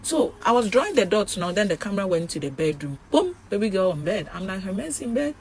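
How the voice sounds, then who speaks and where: A woman's voice: mid-range voice, very animated, quick pace, a crowd in the background. A woman recapping a reality show in casual, chatty storytelling, with frequent fillers.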